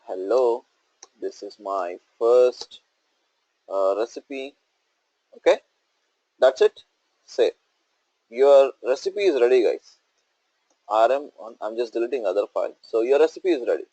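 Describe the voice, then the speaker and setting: A man's voice: medium pitch, expressive, a little slow, long pauses, warm tone, breathy edge, no echo, highs cut off. A male instructor walking through a coding tutorial on screen, explaining step by step and checking in with "okay?" and "right?".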